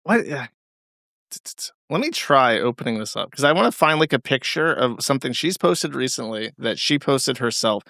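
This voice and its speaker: A man's voice: medium pitch, animated, moderate pace, creaky, bright, forceful tone, dry recording, studio quality. A young man co-hosting a comedy stream, laid-back and hesitant, laughing often. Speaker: podcast co-host. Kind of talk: casual comedic commentary.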